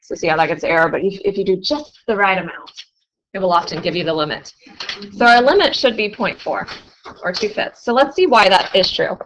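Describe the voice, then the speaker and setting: A woman's voice: mid-range voice, expressive, a little fast, background noise. A young woman teaching a math class, chatty and often asking her students questions. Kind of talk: classroom lecture.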